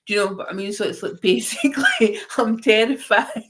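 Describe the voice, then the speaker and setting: A woman's voice: medium pitch, a little fast. A Scottish woman telling a funny story in casual chat, swearing, laughing often and acting out the other voices. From Scotland.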